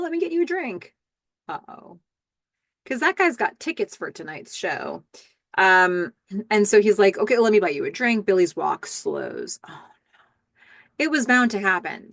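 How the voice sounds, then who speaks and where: A woman's voice: on the low side, dry recording. Chatty woman recapping a TV episode. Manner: chatty, stammers and restarts, acts out quoted lines. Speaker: podcast host. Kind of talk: TV episode recap, casual narration.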